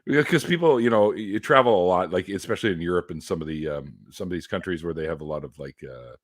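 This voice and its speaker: Deep-voiced man hosting a casual chat. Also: quick pace, dry recording, clean studio sound. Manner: reciting his own song lyrics, then joking bluntly. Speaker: podcast host. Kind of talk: casual conversation.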